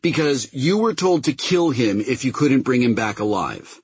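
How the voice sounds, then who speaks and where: A man voicing a fierce, profane woman captain who snaps and threatens, with a husky voice. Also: medium pitch, lively intonation, normal speed, no room sound, pitched above the performer's own voice. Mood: angry. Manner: snarling, sharp, swears constantly.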